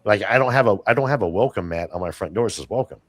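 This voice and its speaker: A man with a lowish voice chats as a podcast guest, drifting from one story to the next with plenty of fillers and restarts. The sound is dry and close. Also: expressive, very fast, dry recording. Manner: rambling storyteller, many fillers. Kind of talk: casual interview chat.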